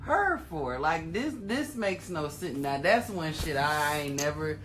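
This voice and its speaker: Woman, casual host, blunt, profane, incredulous, low voice, wide swooping pitch. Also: animated, a little slow, fairly bright tone. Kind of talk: casual chat.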